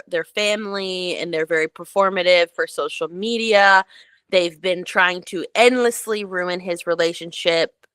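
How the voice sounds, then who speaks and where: A woman co-hosting a podcast in relaxed conversation. Her voice is bright and forward, recorded dry and close with no room sound. She talks in an animated way, peppered with "like" and "um". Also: on the low side, clean tone, no echo. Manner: animated storyteller, many "like"s and "um"s. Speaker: podcast co-host. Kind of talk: casual chat.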